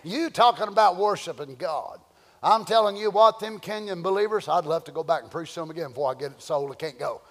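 An older man preaching a sermon, swinging between loud shouting and quiet storytelling. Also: high-pitched, fairly quick, in a large hall. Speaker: pastor.

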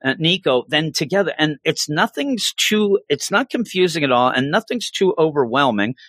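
A man co-hosting a podcast, chatting in an excitable way, restarting sentences often and acting out lines in jumpy voices. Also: fairly high pitch, normal speed, dry recording. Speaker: podcast co-host reviewing manga. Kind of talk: casual chat.

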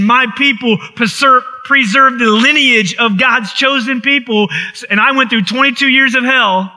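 A man's voice: high voice, pushed and bright. A man preaching a sermon, impassioned and repetitive, building intensity on key phrases. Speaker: pastor.

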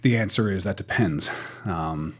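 A man's voice: low-pitched, unhurried, a bit bright. A man co-hosting a podcast, chatting casually and wryly with frequent restarts and fillers. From United States. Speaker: podcast co-host.

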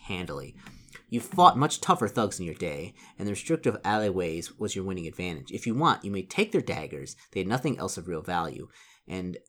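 Man reading a gamebook aloud, lively. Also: sits low, brisk. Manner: reads aloud with stumbles and self-corrections, chatty asides. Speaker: reader playing a solo gamebook aloud. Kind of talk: casual gamebook read-through.

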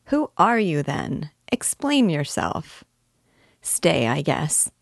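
A woman's voice: low voice, sing-song, slow pace, vocal fry, no room sound, studio quality, heavily acted. Nastenka, a woman reading a teasing young girl. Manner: teasing, eager questions. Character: lively playful young woman, teasing and curious. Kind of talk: audiobook character reading.

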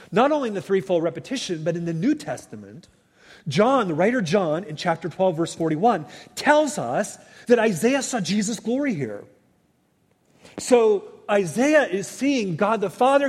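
A male pastor delivering a sermon in a fairly high voice that swings widely up and down. He preaches with lively emphasis and asks his listeners rhetorical questions. The recording carries a long hall reverb. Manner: animated preaching, sweeping pitch, rhetorical questions.

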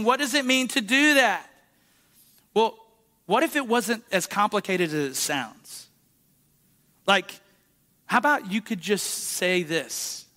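A man with a high, bright voice preaches in a church. He keeps it conversational and lively, often checking in with the congregation. His tone stays clear and ringing throughout. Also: takes it slowly, long pauses. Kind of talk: sermon.

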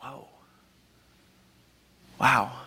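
A man preaching a sermon as pastor, animated and conversational, acting out the voices he quotes. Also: very slow. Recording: reverberant hall.

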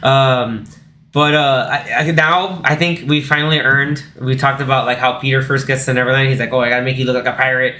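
A man co-hosting a casual movie podcast, talking excitedly and acting out movie lines with laughs. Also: medium pitch, a little fast, roomy sound. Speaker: podcast co-host.

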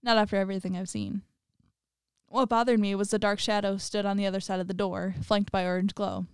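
Brief: woman horror story reader, crisp smooth voice, dry close sound, casual chatty asides. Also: medium pitch, flat delivery, fairly quick, no echo. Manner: laughs often, chatty asides with lots of "like". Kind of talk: reading a horror story aloud with casual commentary.

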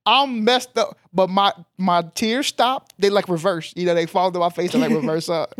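Man, young, fairly high voice, animated emphatic storytelling, dry close mic. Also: normal speed, no echo. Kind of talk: casual storytelling chat.

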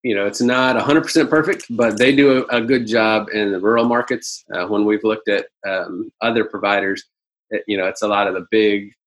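A man with a fairly low voice presents a business webinar over a video call. He speaks in a halting way, pausing often and filling the gaps with "um" and "uh". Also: steady tone, rough recording. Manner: halting, many fillers.

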